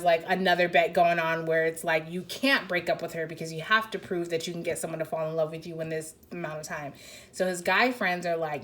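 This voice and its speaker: A woman's voice: lowish voice, fairly bright tone. A woman giving a casual intuitive card reading, rambling and tentative, saying "like" often. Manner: rambling, heavy use of "like", tentative. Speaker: tarot card reader.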